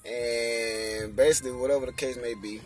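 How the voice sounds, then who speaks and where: A man's voice: mid-range voice, steady tone, normal speed, distant mic, faint music behind. A young man casually telling the story of his faith testimony, using lots of slang and saying "you know what I'm saying" again and again.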